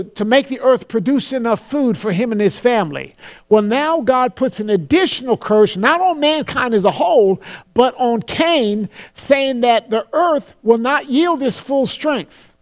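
A man preaching a sermon, earnest, slowing down to quote scripture solemnly and often repeating words as he starts a phrase. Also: extremely high pitch, a little mellow.

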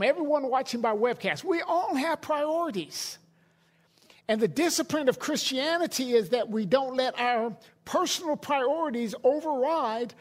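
High-voiced male pastor preaching. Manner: conversational preaching with repeated restarts. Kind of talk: sermon. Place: church hall.

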